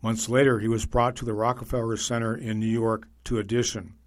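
A man narrating a magazine feature in a measured, scripted reading voice. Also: medium pitch, flat delivery.

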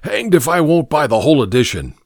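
A man voicing a teasing, excitable bachelor friend who jokes with the others. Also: fairly high pitch, a little fast, creaky, no room sound, studio quality, voice pushed up, exaggerated voice. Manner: teasing, exclamatory.

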